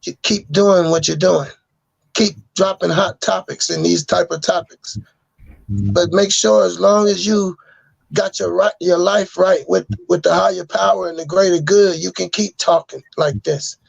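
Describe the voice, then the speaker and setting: A man's voice: high voice, fairly even intonation, measured pace, creaky, husky, no room sound, highs cut off. A man speaking as a podcast guest, delivering an earnest, sermon-like message that keeps returning to the same phrases. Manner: insistent, repeating phrases like a sermon. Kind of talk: earnest preaching monologue.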